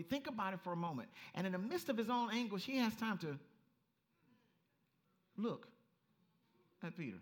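A male pastor preaching a lively, story-driven sermon and acting out voices as he goes. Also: high-pitched, fairly quick, pauses often. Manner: animated storytelling, acts out voices, laughs.

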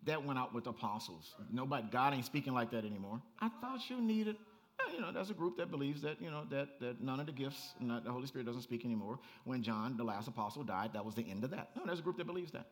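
This fast-talking male pastor, mid-range in pitch, delivers a lively, conversational sermon. He climbs to near-shouts now and then and interrupts himself with laughing asides.

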